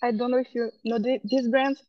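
A woman's voice: a little high, fairly even intonation, a little fast, muffled recording. A woman from France with a French accent, a jeweler answering interview questions hesitantly in English, searching for words, recorded outdoors in a park. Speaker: guest, jeweler. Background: birdsong.

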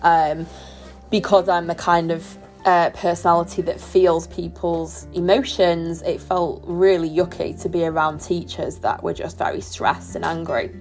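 A woman hosting a solo parenting podcast, talking in a gentle, reflective and reassuring way. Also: on the low side, steady tone, measured pace, faint music behind. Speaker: podcast host.

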